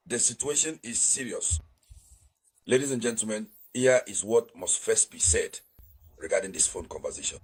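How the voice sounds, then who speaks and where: A man's voice: on the low side, husky, rough recording. A man hosting a political news commentary channel, talking emphatically, repeating his key points and urging viewers to share.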